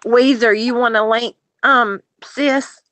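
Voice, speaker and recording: A woman's voice: on the high side, steady tone, takes it slowly, no room sound. A woman, joking and talking to viewers by name on a live stream. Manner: warm, joking, talks to chat viewers by name. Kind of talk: casual live-stream chat.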